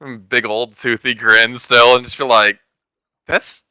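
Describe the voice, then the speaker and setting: A man's voice: medium pitch, fairly even intonation, measured pace, pushed and bright, clear, resonant tone, no room sound, low-quality recording. A man playing a tabletop game, describing his character's actions in a laid-back, amused way. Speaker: player.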